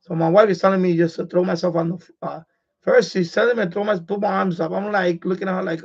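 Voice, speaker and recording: A man hosting a live stream, telling a frightening personal story in casual, animated and profane talk. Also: sits high, fast talker, creaky, husky. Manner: animated and profane, retelling a scary event. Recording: dull lo-fi stream audio.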